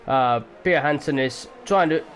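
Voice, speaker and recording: Man, sim race commentator, home setup, fairly high voice, excitable, faint background hum. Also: measured pace. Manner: excitable, swears, keeps voice down. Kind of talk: amateur sim racing commentary. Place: home room.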